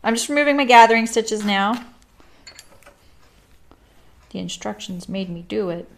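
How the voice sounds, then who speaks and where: A woman's voice: medium pitch, lively intonation, normal speed, vocal fry. A middle-aged woman chatting casually with viewers of her live stream while she sews, rambling and laughing often.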